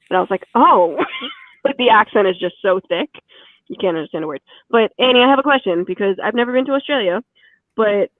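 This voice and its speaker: Animated New York woman, co-host, heard through phone-like tinny audio. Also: medium pitch, no room sound. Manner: animated storyteller. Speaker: livestream co-host. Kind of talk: casual chat.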